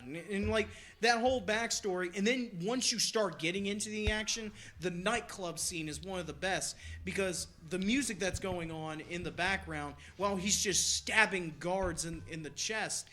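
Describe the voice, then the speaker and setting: Bright-voiced man hosting a podcast. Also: sits high, moderate pace. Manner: animated, retells movie scenes with laughs. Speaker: podcast host. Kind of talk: casual chat.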